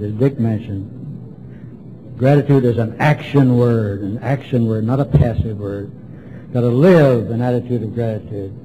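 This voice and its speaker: Deep-toned emphatic man giving a recovery talk. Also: normal speed, warm tone, a little hiss or hum, low-quality recording. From Washington, DC, USA. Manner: folksy, repetitive, emphatic. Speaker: AA speaker. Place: meeting room before a group.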